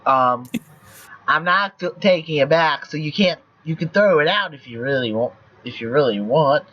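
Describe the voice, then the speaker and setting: A man's voice: on the high side, expressive, normal speed, dull audio. A man streaming a story game, reading the narration aloud and chatting casually, laughing often. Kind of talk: casual livestream chat and read-aloud narration.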